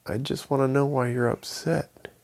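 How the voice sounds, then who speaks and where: A man voicing a little boy hero who talks in a soft, kindly, wondering way. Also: mid-range voice, little pitch movement, normal speed, creaky, voice pushed up, lightly acted. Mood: gentle, curious.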